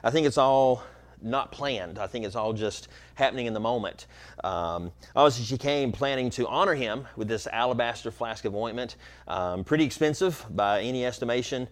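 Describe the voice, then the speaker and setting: A man's voice: mid-range voice, normal speed. A middle-aged man preaching a conversational sermon as pastor, explaining at an easy pace with many fillers and restarts.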